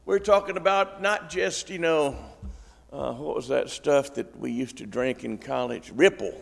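A man's voice: medium pitch, measured pace, creaky. A middle-aged man preaching a sermon, telling the story in a folksy way with acted asides. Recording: long reverb in a large hall.

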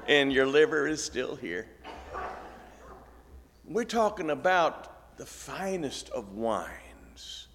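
Slow, gravelly preacher in a reverberant hall. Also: male voice, on the high side. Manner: folksy storytelling with acted asides. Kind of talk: sermon. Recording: long reverb in a large hall.

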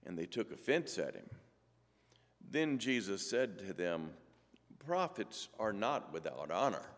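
A man reading scripture and giving a church talk in a measured way with dry humor. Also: mid-range voice, big-room sound. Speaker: lay church speaker.

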